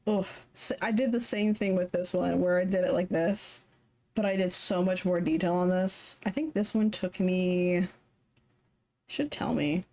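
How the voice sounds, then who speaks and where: A woman's voice: lowish voice, steady tone, unhurried, darkish tone. A young woman chatting casually on a live stream while she draws, rambling and self-deprecating. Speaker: streamer drawing fan art.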